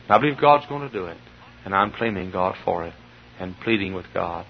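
A middle-aged man preaching a fervent sermon in a church, dropping to low murmurs and then rising to shouted peaks. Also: expressive, a little fast, gravelly, slight background noise. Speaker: pastor. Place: church sanctuary. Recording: dull lo-fi sermon recording.

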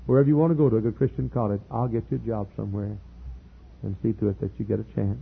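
A middle-aged male pastor telling a story in a sermon, earnest, repeating words and building to loud emphatic peaks. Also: on the low side, steady tone, very fast, gravelly, a little hiss or hum. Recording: tinny lo-fi sermon tape.

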